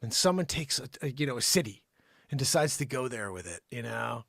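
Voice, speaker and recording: A man hosting a live comedy stream, rambling through an improvised riff that swings between shouted outrage and mumbled asides. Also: mid-range voice, animated, a little fast, creaky, no room sound, studio quality. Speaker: comedy livestream host. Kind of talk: unscripted comic riffing.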